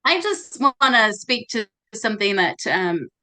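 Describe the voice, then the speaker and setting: A woman in a casual group discussion, sharing animated anecdotes about work. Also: fairly high pitch, measured pace. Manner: animated storyteller. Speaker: notary meetup participant.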